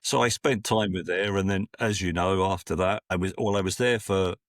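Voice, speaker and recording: A man's voice: low voice, steady tone, normal speed, no echo, clean studio sound. A man in his sixties from Scotland, a podcast guest telling rambling anecdotes full of restarts. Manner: rambling, with frequent restarts and acted-out quotes. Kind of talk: casual anecdotal storytelling.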